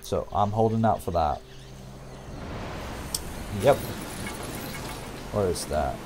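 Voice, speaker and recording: A young man casually commenting on a strategy game as he plays, thinking aloud, humming and breaking into excited outbursts for viewers. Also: deep voice, takes it slowly, pauses often, background noise. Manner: talks to himself and viewers, hums, excitable outbursts. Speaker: gameplay commentator. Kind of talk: casual let's-play commentary.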